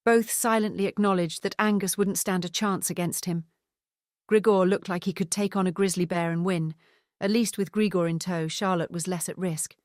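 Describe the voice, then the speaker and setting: A woman narrating an audiobook in a steady, even scripted reading. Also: lowish voice, normal speed, dry recording, studio quality.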